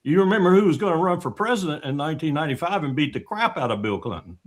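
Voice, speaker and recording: A man's voice: on the high side, very animated, very fast. An older man, a former military staffer, talking bluntly and scornfully as a guest in a political discussion. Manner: blunt and scornful, mocking with put-on voices.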